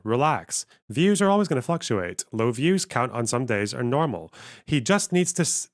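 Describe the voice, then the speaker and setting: A man streaming, reading chat messages aloud and commenting on clips with wry asides. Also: mid-range voice. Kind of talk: casual reaction commentary.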